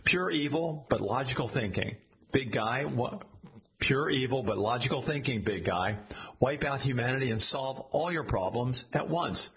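A man's voice: mid-range voice, lively intonation, normal speed, a bit bright. A man reading a satirical story, voicing a smug, scheming male AI chatbot that talks in a sly, slangy, coaxing way.

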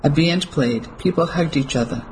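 An audiobook narrator reading a novel in steady, clear storytelling. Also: mid-range voice, moderate pace, slight background noise, poor audio. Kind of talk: scripted narration.

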